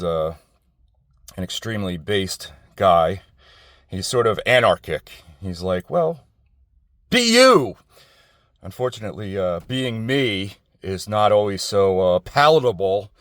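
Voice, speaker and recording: Outside an office building, a middle-aged vlogger from New Jersey rambles through a personal monologue, digressing, restarting often, circling back, and swearing freely. His voice sits low, and the sound is dry with little echo.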